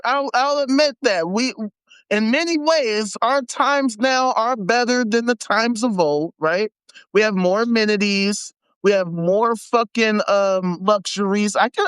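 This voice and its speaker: A man's voice: extremely high pitch, smooth, no room sound. Man, american, livestream host, cursing rant, slangy, dry close sound. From United States. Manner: animated, profane, slangy, repeats himself for emphasis. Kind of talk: casual profane rant on a live stream.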